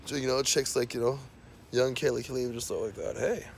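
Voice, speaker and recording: Gravelly man in a rambling rant. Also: mid-range voice, fairly quick, a little hiss or hum. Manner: profane, filler-heavy, rambling. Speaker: self-described scientist.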